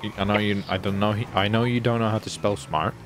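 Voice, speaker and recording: A man's voice: lowish voice, steady tone, quick pace, soft background music. A young man streaming a police role-play game, joking with a friend and barking commands at suspects. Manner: loud, bossy commands in character, joking asides. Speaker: streamer playing a police officer.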